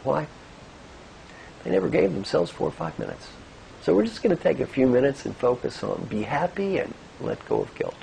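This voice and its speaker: Gravelly, animated older male speaker. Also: mid-range voice, normal speed, a little hiss or hum, low-quality recording. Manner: animated storytelling, gentle coaching. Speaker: executive coach. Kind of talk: motivational talk with guided exercise.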